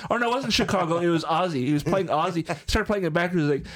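A man chatting on a podcast, halting and restarting his sentences often. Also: high-pitched, expressive. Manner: halting, full of fillers and restarts. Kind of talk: casual chat.

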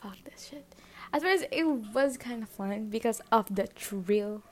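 A woman's voice: on the high side, animated, unhurried. A young adult woman telling a personal story in casual chat, swearing often, leaning on fillers and sometimes dropping to a whisper.

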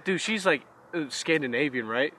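A man's voice: on the high side, animated, normal speed, sharp tone, a little hiss or hum. A young man co-hosting a casual podcast chat, crude and joking with plenty of swearing. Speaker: podcast co-host.

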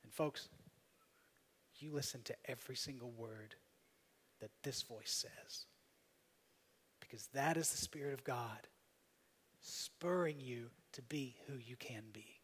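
A man with a somewhat high voice preaches as pastor. He swings between loud, emphatic appeals and soft, almost hushed asides. The recording carries the long reverb of a church hall. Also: a little slow, pauses often, slightly rough. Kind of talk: sermon.

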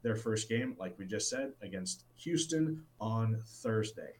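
A man's voice: lowish voice, expressive, a little slow, slight background noise, poor audio. A man co-hosting a casual sports talk show, enthusiastic and rambling, with plenty of restarts. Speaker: sports podcast co-host.

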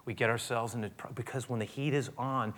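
A man's voice: medium pitch, fairly even intonation, a little fast, a bit bright. A man preaching a sermon in a conversational way, often restarting and speaking directly to his listeners. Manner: conversational, with frequent restarts and asides to the congregation.

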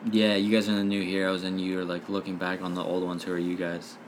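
A man who runs a tabletop game, talking in a relaxed, rambling way with lots of fillers. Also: sits low, fairly quick, slight background noise. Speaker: dungeon master. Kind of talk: casual podcast chat.

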